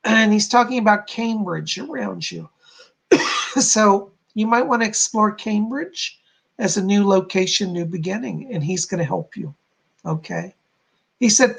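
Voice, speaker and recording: A man's voice: high voice, normal speed, gravelly. A man hosting a live stream, giving chatty, reassuring psychic readings and addressing viewers by name. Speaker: psychic medium, stream host.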